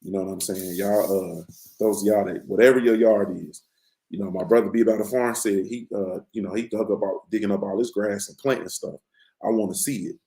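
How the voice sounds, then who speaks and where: A man's voice: on the low side, fairly even intonation, a little fast, dark tone, reverberant, rough recording. A man hosting a boxing morning show from a room at home, chatting casually in a loose, rambling, slang-heavy way into his computer's mic. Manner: laid-back, rambling, slangy.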